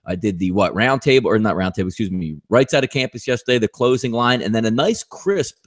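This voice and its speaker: A man's voice: lowish voice, animated, fast. A man chatting casually about sports shows, rambling and correcting himself as he goes. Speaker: sports bettor. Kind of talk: casual chat.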